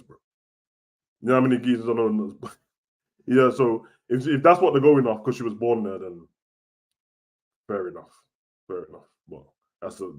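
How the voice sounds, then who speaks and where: A young man, chatting casually about wrestling on a live stream, slangy and animated, getting loud and then dropping soft. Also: mid-range voice. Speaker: wrestling show host. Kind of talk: live-stream chat reading comments.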